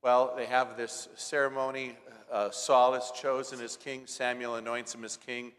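A man's voice: mid-range voice, little pitch movement, moderate pace. Emphatic male preacher in a reverberant hall. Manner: emphatic, swinging between loud stresses and soft asides; storytelling with repeated rhetorical lines. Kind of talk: sermon.

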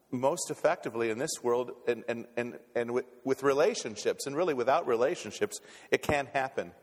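A man preaching a sermon as pastor, folksy and stumbling on repeated words as he restarts. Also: medium pitch. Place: church sanctuary. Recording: long reverb in a church hall.

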